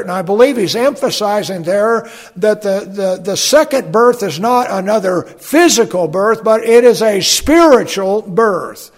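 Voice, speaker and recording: A man preaching a sermon as a pastor, unhurried, with fillers and folksy asides as he reads scripture aloud. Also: high voice, lively intonation.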